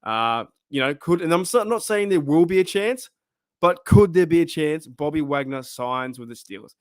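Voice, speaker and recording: Aussie guy rambling about footy news, kinda high voice, dead dry sound. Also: expressive, normal speed, no room sound. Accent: Australian. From Australia. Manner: rambling, self-correcting, asks viewers questions. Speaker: fan channel host. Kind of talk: casual chat to camera.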